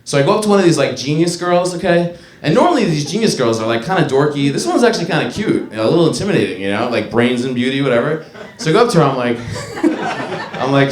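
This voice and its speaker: A man in his thirties doing a stand-up comedy set on a club stage, talking in a loose, rambling, profane way and shouting his punchlines. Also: on the high side, big pitch swings, fairly quick. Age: 30s. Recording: roomy club with crowd laughter. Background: laughing audience.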